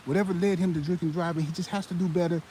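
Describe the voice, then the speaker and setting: A man's voice: on the high side, slight background noise, close to an everyday voice, rough recording. A man doing a preachy male TV pundit. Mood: calm, measured. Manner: measured and calm, then loud and scolding.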